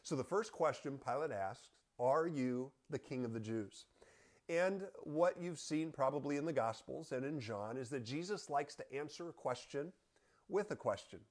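An earnest man leads a Bible study, reading scripture aloud and then walking listeners through it. His delivery is measured and sincere, and he speaks directly to the group. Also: fairly high pitch, expressive.

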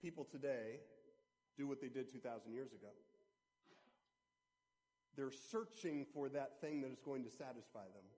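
A man's voice: mid-range voice, mellow. Earnest man preaching in a reverberant hall. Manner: earnest, conversational storytelling. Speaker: pastor. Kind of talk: sermon.

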